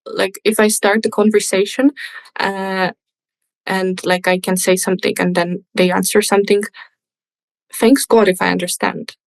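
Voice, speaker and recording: This young woman, a native Russian speaker who teaches English, is a guest on a podcast and tells stories in a chatty, lively way, restarting often. Her medium-pitched voice sounds gravelly at a normal speed, and the recording is rough but has no echo.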